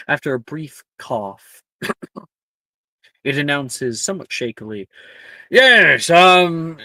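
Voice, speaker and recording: A man narrating a tabletop role-playing game as game master, in a measured descriptive way. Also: mid-range voice, a bit bright, dry recording.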